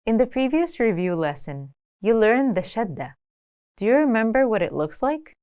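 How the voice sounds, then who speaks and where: A woman giving a scripted language lesson, speaking clearly and deliberately, slowing down to say example words. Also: a little high, big pitch swings, warm tone. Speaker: language teacher.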